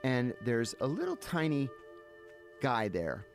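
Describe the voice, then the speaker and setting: Speaking slowly in a mid-range voice with vocal fry, a man on a podcast as a guest tells a story casually. He's animated and acts out the lines of dialogue, and music can be heard behind him.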